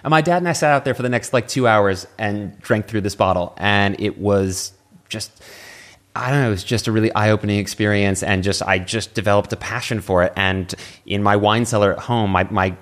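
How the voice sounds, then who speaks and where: A middle-aged man from California, a guest in a relaxed conversation who talks quickly and tells his stories with eager enthusiasm. His voice sits fairly low. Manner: enthusiastic storyteller. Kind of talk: casual conversation.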